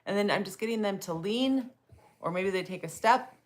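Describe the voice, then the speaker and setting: A middle-aged woman co-hosting a casual live talk about donkey training, chatty and quick to laugh. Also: medium pitch. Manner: warm, chatty, laughs often.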